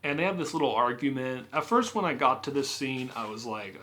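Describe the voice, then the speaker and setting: A man's voice: mid-range voice, animated, a little fast, pushed and bright. A man giving a casual, rambling spoken movie review, with frequent filler words and restarts. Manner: rambling, full of "you know" and "like". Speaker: film reviewer.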